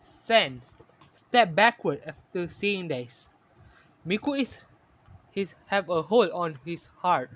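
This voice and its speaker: A man narrating a fan-made story in halting, ungrammatical English, often correcting himself. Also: high-pitched, lively intonation, a bit bright.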